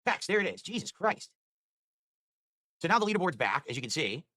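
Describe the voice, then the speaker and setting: A man's voice: a little high, big pitch swings, fairly quick, sharp tone, no room sound. A man streaming live, rambling in an exasperated way and swearing as he talks. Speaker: livestreamer.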